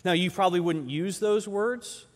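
A man preaching a conversational sermon as pastor, firing off rhetorical questions and dropping from loud emphatic peaks to slow, quiet phrases. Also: sits high. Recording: long hall reverb.

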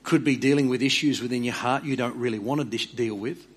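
An earnest man preaching a sermon, repeating and restarting words and dropping quiet for emphasis. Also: mid-range voice, quick pace, husky. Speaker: pastor.

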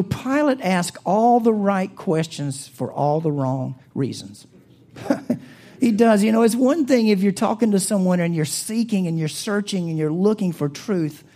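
A man preaching a sermon with an American accent, earnest and full of rhetorical questions, rising loud and then dropping to a hush. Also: high voice, husky. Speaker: pastor.

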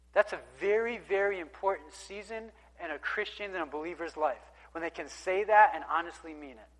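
A man's voice: fairly high pitch, brisk, a bit bright. A man preaching a sermon in a conversational, emphatic way, reading scripture aloud and breaking in with casual asides. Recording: long hall reverb.

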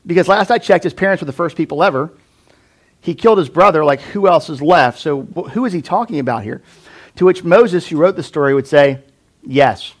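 In a slightly high voice at a slightly fast pace, a pastor preaches a casual sermon. He's animated and conversational, using lots of "like" and other fillers and asking the audience questions.

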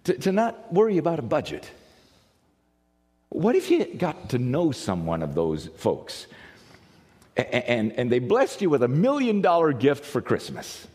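A man from the United States preaching a sermon, telling stories with animated swings from loud to hushed. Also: on the high side, a little slow. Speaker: pastor. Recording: long reverb of a large hall.

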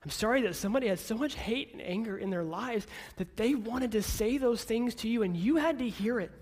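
A man in his thirties preaching a sermon with a notably high, light voice. He speaks gently and earnestly, then builds to firm, emphatic statements. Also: fairly quick. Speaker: pastor.

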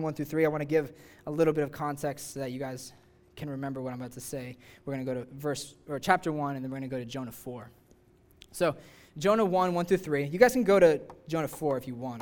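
Young guy preaching to a youth group, kinda high voice, chatty, says like a lot. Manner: conversational, many "like" fillers, acts out voices with rising excitement. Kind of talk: casual sermon.

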